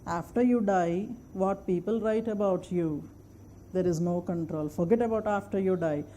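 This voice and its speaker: A woman's voice: fairly low pitch, moderate pace, warm tone, a little hiss or hum. A woman giving a classroom lecture, emphatic, repeating points and checking that her students follow. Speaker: anthropology lecturer.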